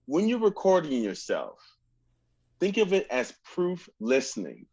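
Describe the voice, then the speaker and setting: A man's voice: fairly high pitch, huge pitch swings, unhurried, a little mellow, breathy edge, dull audio. A man coaching a student in a masterclass, singing phrases to demonstrate, exacting and encouraging. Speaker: oboe teacher.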